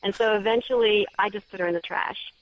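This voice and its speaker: A woman guest author telling a story in a casual, animated way during an interview, often acting out what others said. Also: mid-range voice, a little fast, crowd noise. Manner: chatty, animated storyteller with quoted voices. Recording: dull, lo-fi audio.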